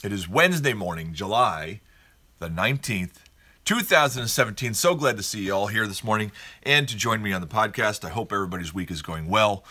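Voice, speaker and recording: A man's voice: mid-range voice, sharp tone. A man hosting a casual morning podcast, chatting and telling stories in a rambling, upbeat way from a room at home. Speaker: morning show host.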